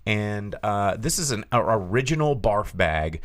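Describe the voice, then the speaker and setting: Animated Southern man telling stories. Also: lowish voice, a little slow. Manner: animated storyteller, swears casually. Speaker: podcast co-host. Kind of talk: casual chat.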